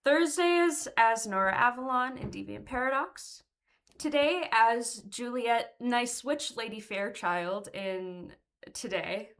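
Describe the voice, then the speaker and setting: A woman's voice: on the high side, slow, fairly bright tone. A woman producing a tabletop gaming stream, chatting in a bubbly way with laughter and the odd swear. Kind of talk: casual stream introduction.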